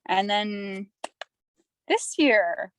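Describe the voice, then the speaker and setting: A woman's voice: mid-range voice, animated, extremely slow, fairly bright tone, no room sound, rough recording. Young canadian woman rambling on as a podcast guest, chatty and candid, dry close sound. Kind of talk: candid casual conversation.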